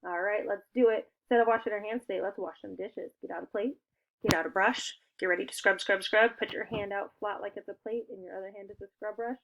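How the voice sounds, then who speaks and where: A young woman teaching an online spelling lesson to second graders, upbeat and encouraging, giving clear step-by-step instructions. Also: mid-range voice, fairly even intonation, quick pace, fairly bright tone, slight background noise.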